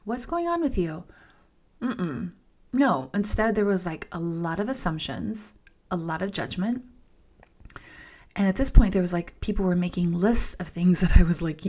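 A woman's voice: fairly low pitch, expressive, moderate pace, a little mellow. Candid woman telling a personal story. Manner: candid, emphatic, repeats words for stress, drops into whispers; addresses listeners as "you guys". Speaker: podcast host.

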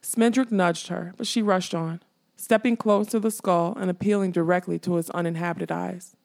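A woman narrating a fantasy audiobook in a measured storytelling manner. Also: lowish voice, steady tone, gravelly, darkish tone.

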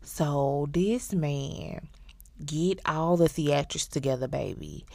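A woman hosting a podcast, casually recapping a show in an animated, slangy way and talking straight to her listeners. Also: low voice, slow, vocal fry, dry recording. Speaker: podcast host.

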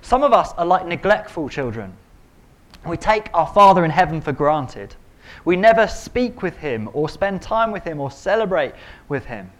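A man preaching a sermon in an animated, conversational way, acting out quotes. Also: on the high side, normal speed. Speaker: pastor.

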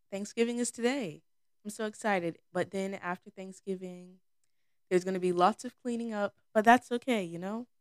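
A woman's voice: medium pitch, smooth, dry recording, clean studio sound. A teenage girl hosting her own episode, talking casually and rambling with lots of "like" and "um". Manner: chatty and rambling, many "like"s and "um"s. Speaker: podcast host. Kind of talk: casual personal monologue.

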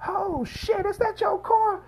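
A man squeaking out a shrill startled woman. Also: takes it slowly, slight background noise, heavily acted. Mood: shocked. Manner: shrill, excited exclamations. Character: startled gossipy young woman bystander.

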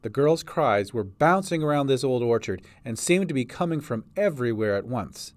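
Male narrator, storybook reading, animated pitch, dry close sound. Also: normal speed, no room sound. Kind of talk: audiobook narration.

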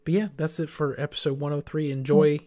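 A man's voice: a little high, level tone, fairly quick, dark tone. A man hosting a casual gaming podcast, chatting loosely and winding down the show. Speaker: podcast host. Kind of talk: casual chat.

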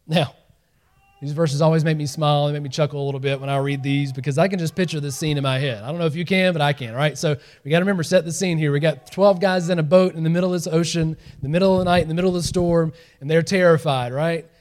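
Animated preacher man, fairly high voice. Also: fast. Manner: animated storytelling, acts out scenes, laughs often. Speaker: pastor. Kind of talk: sermon.

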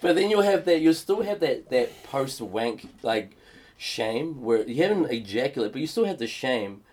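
A young man, co-hosting a casual podcast chat and telling animated stories full of laughter and put-on voices. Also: medium pitch, moderate pace. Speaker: podcast co-host. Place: home studio in a shed.

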